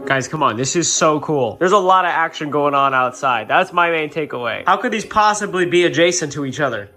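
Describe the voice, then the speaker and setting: A young man talks through a travel vlog, excitable and quick to poke fun at himself. His voice sits fairly high. Faint music plays underneath. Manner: excitable, self-mocking. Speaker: travel vlogger. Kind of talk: casual vlog narration.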